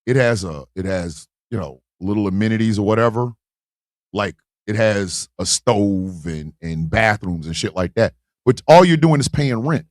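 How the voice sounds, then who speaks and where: A man hosting a podcast, telling a comic story in a lively, profane way and acting out the voices of the people in it. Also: lowish voice, moderate pace, no echo, studio quality. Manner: animated, profane, acts out voices in his stories. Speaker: podcast host. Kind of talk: comedic storytelling.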